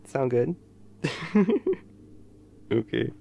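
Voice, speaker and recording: A young man in a whispered role-play as a goofy, playful boyfriend, drifting between silly chatter and soft tender asides. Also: medium pitch, sing-song, drawn-out words, gravelly, husky.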